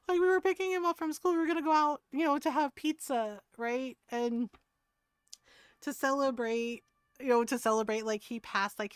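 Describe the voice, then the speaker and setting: Woman streamer, high voice, dry close mic, animated anecdote. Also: clear, resonant tone, dry recording. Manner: animated, laughs often, quotes others in lowered voices. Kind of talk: casual storytelling to chat.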